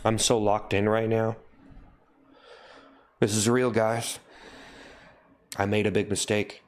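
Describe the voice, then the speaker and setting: A man live-streaming a mock-solemn apology, his voice sitting on the low side. He repeats the same confessions again and again in a deadpan way, talking to a webcam. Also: slow pace, clear, resonant tone. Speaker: livestream host.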